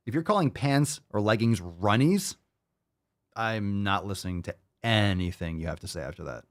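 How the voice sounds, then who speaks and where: A podcast host reacting to videos with sarcastic, profane commentary and mocking asides. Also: male voice, fairly low pitch, animated, moderate pace, no echo, studio quality.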